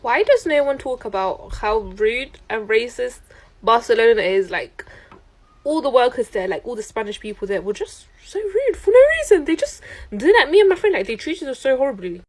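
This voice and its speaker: A young woman, telling a storytime to camera in an animated, indignant way. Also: fairly high pitch, moderate pace. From London, UK. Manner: animated, indignant, quotes people in voices.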